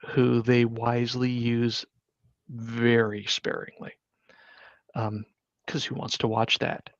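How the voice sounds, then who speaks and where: A man's voice: mid-range voice, no room sound, lo-fi sound. A man hosting a podcast, chatting casually about a movie and rambling with many fillers and restarts. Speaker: podcast host. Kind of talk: casual movie review chat.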